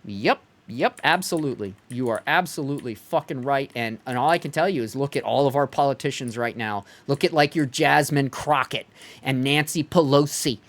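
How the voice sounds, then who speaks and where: A man's voice: mid-range voice, moderate pace. A man ranting heatedly and profanely during a game live stream, sometimes mocking others in put-on voices. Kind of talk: live-stream rant while gaming.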